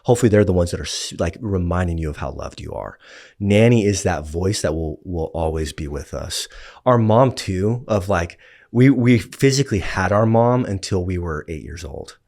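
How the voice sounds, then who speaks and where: A man in his thirties, a pastor, talking in a relaxed, casual way with lots of "like" and "dude". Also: deep voice, normal speed, vocal fry. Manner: laid-back, heavy on "like" and "dude". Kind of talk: casual podcast conversation.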